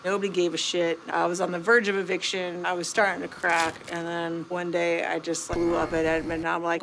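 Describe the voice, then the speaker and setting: A woman's voice: lowish voice, level tone, brisk, few pauses, a bit bright, slight background noise, poor audio. A woman recounting her past in a candid documentary interview, swearing freely and acting out her own outbursts.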